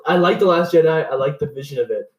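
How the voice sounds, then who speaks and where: A young man co-hosting a casual podcast, giving opinions with halting restarts. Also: on the high side, recorded from a distance. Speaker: podcast co-host. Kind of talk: casual chat. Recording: echoey room, set back from the mic.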